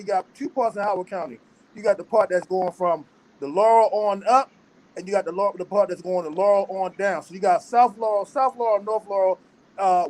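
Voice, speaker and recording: A man's voice: sits high, darkish tone, rough recording. A man hosting a podcast in casual chat, rambling and repeating himself as he restarts his points. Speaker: podcast host.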